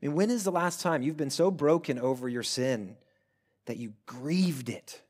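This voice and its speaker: A male pastor preaching a sermon earnestly, swelling loud at times and dropping to hushed pleas. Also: on the high side, moderate pace, husky.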